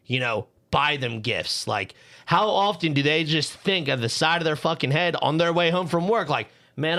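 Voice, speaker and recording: Young guy ranting hard and swearing a lot on a podcast, pretty bright tone. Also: on the high side. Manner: angry, profane storytelling. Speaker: podcast co-host. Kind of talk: heated casual podcast rant.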